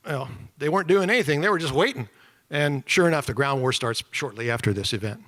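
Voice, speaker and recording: Animated man telling a war story. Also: medium pitch, quick pace. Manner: animated storyteller, acts out shouted quotes, self-deprecating asides. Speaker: former POW giving a talk. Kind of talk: storytelling presentation to an audience. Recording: reverberant hall.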